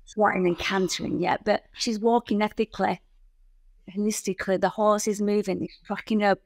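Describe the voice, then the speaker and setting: A woman guest on a podcast interview, telling stories in an animated way and acting out the people in them. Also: medium pitch, moderate pace, no echo. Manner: animated storyteller who acts out the people in her stories. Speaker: guest, founder of a riding centre.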